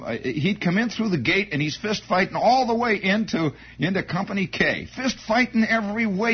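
Male radio storyteller, husky high voice, swooping delivery, dull lo-fi recording. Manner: digressive, repeats words, wry asides. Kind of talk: rambling anecdote monologue.

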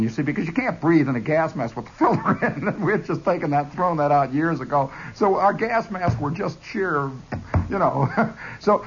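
A man telling a comic army story in an animated monologue, chuckling and jumping into voices, on a dull lo-fi recording. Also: on the high side, a little hiss or hum.

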